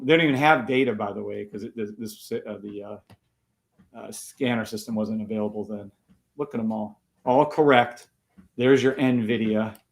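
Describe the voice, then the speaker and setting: Profane, combative male stream host. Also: medium pitch. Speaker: live-stream trading host. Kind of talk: live-stream commentary.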